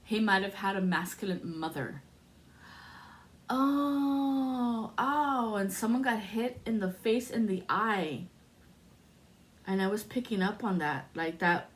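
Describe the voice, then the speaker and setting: A woman drifting through a tarot reading at an unhurried, slow pace, her voice sitting at an ordinary middle pitch. She rambles and muses aloud and often laughs as she talks. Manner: rambling, musing, frequent laughter. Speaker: tarot reader. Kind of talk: spiritual tarot reading vlog.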